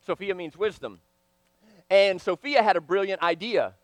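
A man preaching a sermon, swinging from loud emphatic lines to hushed, quiet ones. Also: sits high, normal speed, no echo.

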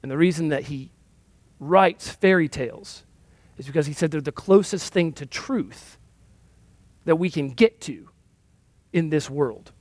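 A man's voice: on the high side, measured pace, long pauses, darkish tone, no echo. A male pastor giving a sermon in a conversational, self-deprecating storytelling manner.

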